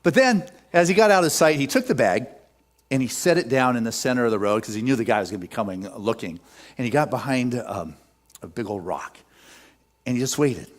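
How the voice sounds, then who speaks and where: A man preaching a sermon, telling a story with lively energy and laughter. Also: mid-range voice, fairly quick. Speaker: pastor.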